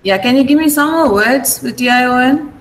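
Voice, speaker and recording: A woman's voice: sits high, fairly quick, roomy sound, slight background noise, low-quality recording. A woman with an Indian English accent, an English teacher who explains pronunciation patiently and has students repeat words. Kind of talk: online vocabulary class.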